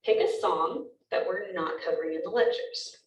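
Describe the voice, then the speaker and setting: A woman's voice: fairly low pitch, moderate pace, reverberant, far from the mic, poor audio. A woman teacher giving a recorded lecture, explaining step by step with frequent ums.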